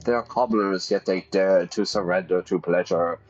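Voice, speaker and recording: A man's voice: low voice, steady tone, moderate pace, dull audio, voice pushed down. A man voicing an arrogant young nobleman, pompous and indignant, while reading a game aloud. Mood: haughty.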